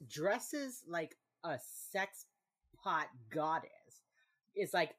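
A woman's voice: lowish voice, a little slow. A woman co-hosting a casual podcast, recapping a TV episode and acting out characters' lines. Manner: animated, acts out quotes. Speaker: podcast co-host.

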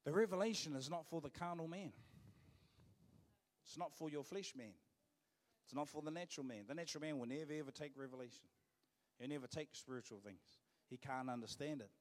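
New Zealand pastor preaching in a reverberant hall. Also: male voice, on the high side, fairly quick. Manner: conversational, emphatic preaching with repeated phrases. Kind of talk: sermon. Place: church auditorium. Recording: long church hall reverb.

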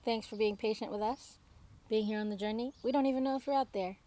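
A woman's voice: fairly high pitch, steady tone, fast talker, mellow. A young woman, co-hosting a casual podcast outdoors in her garden and telling chatty anecdotes with giggles. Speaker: podcast co-host. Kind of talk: casual chat.

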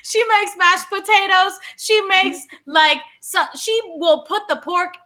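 High, bright-voiced tipsy woman podcaster. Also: takes it slowly. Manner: loud, joking, swearing. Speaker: podcast co-host. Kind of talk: casual podcast chat.

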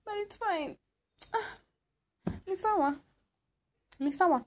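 A woman's voice: extremely high pitch, animated, slow, a little mellow. A young woman with a Kenyan accent telling a storytime tale, dramatic and full of exclamations as she switches between languages. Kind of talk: animated storytime.

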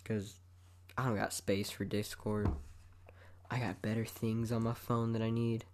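A man's voice: lowish voice, little pitch movement, unhurried, darkish tone, a little hiss or hum. A young man hosting his own podcast, talking casually and rambling into a microphone while moving his head, with frequent swearing. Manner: rambling, laid-back, swears often. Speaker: podcast host. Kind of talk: casual solo podcast monologue. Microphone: microphone, head moving around it.

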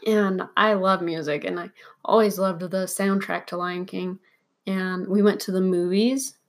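A young woman co-hosts a casual podcast and tells her stories plainly and easily. Her voice sits at a medium pitch. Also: steady tone, a little slow. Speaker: podcast co-host. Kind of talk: casual chat.

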